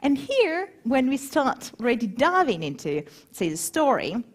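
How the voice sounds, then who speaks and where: Conference speaker: lively woman with a husky edge, engages the crowd with questions. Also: sits high, measured pace. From grew up between Moscow and Warsaw. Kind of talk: conference talk.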